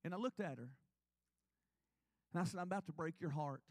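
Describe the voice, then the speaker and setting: In a church sanctuary, a man preaches a sermon and shares his own testimony in an earnest, confessional way. His voice is on the high side, fairly quick, and the recording is dry.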